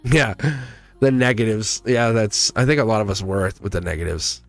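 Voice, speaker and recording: A man's voice: fairly low pitch, moderate pace, creaky, soft background music. Chatty man hosting a tarot live stream. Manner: rambling, animated, laughs often. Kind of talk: casual live-stream chat.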